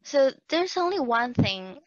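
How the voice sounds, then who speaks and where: A woman co-host talks in an unhurried, measured way, steering the chat with questions. Her speech is slow, and the sound is dull, lo-fi, and dry. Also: high voice, very animated, no room sound. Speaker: podcast co-host. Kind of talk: casual chat.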